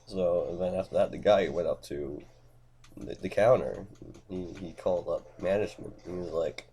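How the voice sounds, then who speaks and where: A man's voice: low voice, normal speed, warm tone, slight background noise. A young man telling a rambling improvised comic story, giggling often, stumbling over words and swearing a lot.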